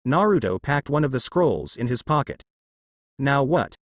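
A man narrating a fan story aloud in a steady storytelling manner, close to the mic. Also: mid-range voice, a little fast, dry recording.

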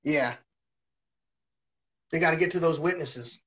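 High-voiced man ranting on a live stream. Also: a little slow, fairly bright tone. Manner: profane, agitated, repeats himself. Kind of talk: rambling live-stream monologue.

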